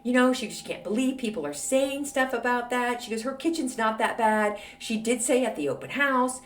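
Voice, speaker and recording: Hosting a casual solo podcast, a woman answers an advice letter in a snarky, gossipy storytelling style full of fillers. Her fairly high voice moves at a moderate pace, sounding off-mic in a roomy echo with a little hiss or hum.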